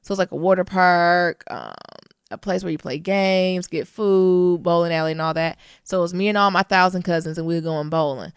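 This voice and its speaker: Lowish-voiced woman, playful podcast co-host. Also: a little fast, smooth, dry recording, studio quality. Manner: playful teasing, acts out voices in her stories. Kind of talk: casual chat.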